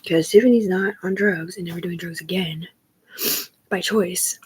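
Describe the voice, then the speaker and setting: A woman's voice: fairly low pitch, steady tone, moderate pace, a little mellow, breathy edge, rough recording. A woman chatting casually on a live stream, rambling from topic to topic and often dropping into an unvoiced whisper. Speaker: livestreamer. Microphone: phone or webcam on a live stream.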